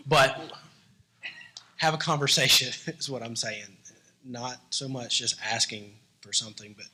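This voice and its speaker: A man speaking as a guest at a church service, offering gentle, earnest encouragement and chuckling at himself. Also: mid-range voice, measured pace, long pauses, slight background noise, poor audio. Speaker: church guest sharing his story. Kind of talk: heartfelt encouragement.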